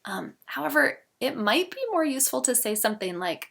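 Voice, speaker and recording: Woman, middle-aged, parenting educator, gentle instructional talk, bright voice. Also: mid-range voice, lively intonation, normal speed, creaky, hardly any pauses. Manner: gentle, acts out parent and child examples.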